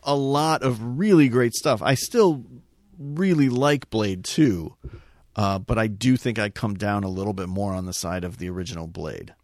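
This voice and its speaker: A man co-hosting a casual movie chat, animated and swearing freely, speaking in quick bursts. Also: lowish voice, dry recording, studio quality. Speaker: podcast co-host.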